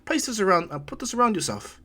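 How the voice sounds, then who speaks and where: A man voicing a calm, confident teenage boy hero who speaks in an easygoing, matter-of-fact way. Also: sits high, fast, pitched above the performer's own voice, full character voice.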